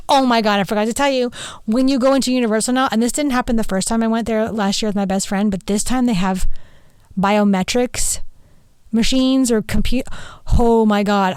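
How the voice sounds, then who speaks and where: A woman's voice: fairly high pitch, a little mellow, smooth, dry recording. A middle-aged woman, hosting a podcast in a casual, rambling monologue full of "like" and "right?". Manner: chatty, rambling, with frequent "like" and "right?". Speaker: podcast host and spirit mentor.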